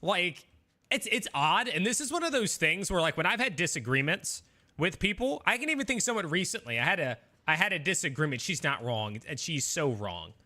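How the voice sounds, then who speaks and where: Young male streamer, casual and defensive, rambling with fillers; fairly high voice. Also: big pitch swings, a little fast, bright, forceful tone. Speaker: game streamer. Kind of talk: casual chat with viewers.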